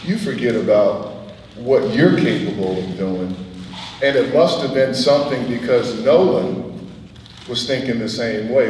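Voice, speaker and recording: Middle-aged male guest speaker telling lively anecdotes, mid-pitched voice, recorded from a distance in a reverberant hall. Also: a little slow, slight background noise. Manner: animated anecdotes, chuckles often. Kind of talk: storytelling speech. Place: event hall. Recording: echoey hall, voice from far off.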